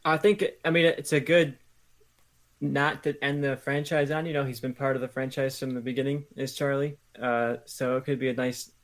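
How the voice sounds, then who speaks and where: Flat-toned man in casual chat. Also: mid-range voice, moderate pace. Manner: even, thoughtful, with hesitant restarts. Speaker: podcast co-host.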